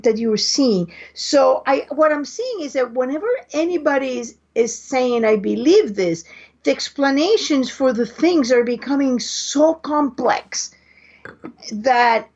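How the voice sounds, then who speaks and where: A woman's voice: sits high, darkish tone, breathy edge. A woman co-hosting a podcast, arguing her view in casual chat and often restarting her sentences. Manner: hesitant, restarts often while arguing a point. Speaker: podcast co-host. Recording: dull lo-fi podcast audio.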